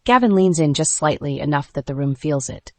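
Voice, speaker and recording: A woman narrating a first-person dark romance audiobook in a measured, tense way. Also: low-pitched, lively intonation, no room sound.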